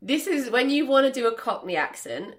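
A woman's voice: high-pitched, very animated, brisk, crowd noise. A woman hosting a casual film chat, rambling through questions and laughing often. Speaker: host.

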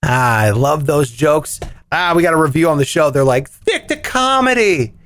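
A man hosting a comedy news rant podcast, jokey and animated, swinging his voice up and down for punchlines. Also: a little high, normal speed. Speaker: podcast host.

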